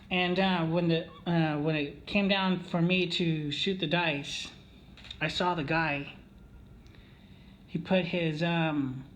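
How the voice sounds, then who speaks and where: A man's voice: fairly high pitch, lo-fi sound, a little hiss or hum. A man telling a casino story in a rambling way, with many fillers and restarts, often checking in with "okay?". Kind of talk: casual storytelling monologue.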